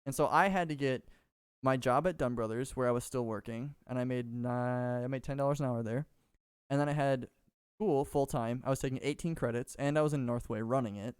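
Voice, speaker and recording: A young man co-hosting a podcast chats casually, rambling through his stories and swearing freely. His voice is smooth and clear, and the dry close mic has no room sound. He is from Minnesota. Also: mid-range voice, brisk, dry recording. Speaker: podcast co-host. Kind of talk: casual chat.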